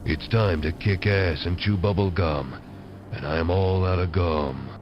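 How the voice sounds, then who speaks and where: A swaggering, cocky action hero whose voice sits very low and rumbles with gravel. He drawls each word slowly and with total confidence. The game clip sounds dull and lo-fi, with clear noise underneath. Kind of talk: game voice line.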